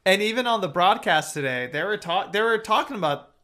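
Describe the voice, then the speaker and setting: Young male podcast co-host, casual and rambling, with a bright tone. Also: high voice, lively intonation. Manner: rambling, quick bursts of talk. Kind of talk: casual sports chat.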